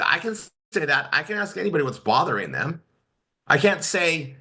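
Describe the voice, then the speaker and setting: A man's voice: fairly high pitch, very animated, normal speed, sharp tone. A man giving a casual marketing training talk to students, rambling with many restarts and fillers. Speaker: marketing instructor.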